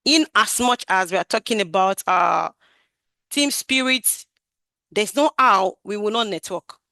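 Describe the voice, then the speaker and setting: A woman gives an animated, emphatic talk over a video call about growing her career as a QA tester, raising and lowering her voice for emphasis. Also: a little slow, dry recording. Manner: animated, emphatic, varies her loudness and projection. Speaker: QA tester sharing career story. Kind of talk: talk on a webinar.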